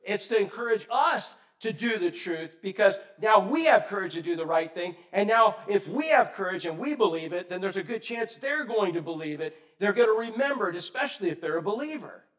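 A man preaching a sermon in a conversational way, quizzing the congregation and swinging between loud and soft. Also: sits high, lively intonation, fairly quick, hardly any pauses. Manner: asks the congregation questions. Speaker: pastor.

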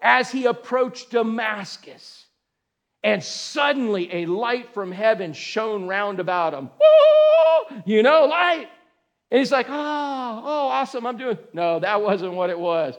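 A middle-aged man preaching a sermon in a folksy, animated way, acting out scenes with sudden shouts and calling listeners man and dude. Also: high-pitched, measured pace, muffled recording. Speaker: pastor.

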